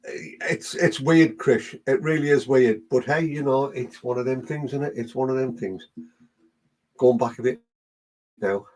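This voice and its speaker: A man's voice: mid-range voice, measured pace, darkish tone. A man with a Geordie accent, working as a medium and chatting through a live online reading session while greeting viewers by name.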